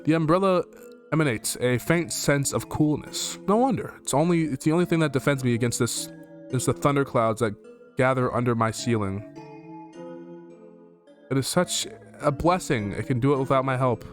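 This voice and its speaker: A man's voice: mid-range voice, moderate pace, soft background music. Rambling, jokey man streaming a game. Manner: rambling, jokey and profane, easily startled. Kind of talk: casual let's play commentary, reading game text aloud. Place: at home with his dog.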